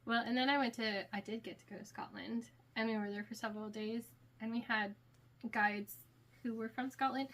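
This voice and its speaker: Fairly high-voiced American woman interviewer. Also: fairly even intonation, moderate pace, a bit bright. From United States. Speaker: interviewer, channel host. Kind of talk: casual interview chat.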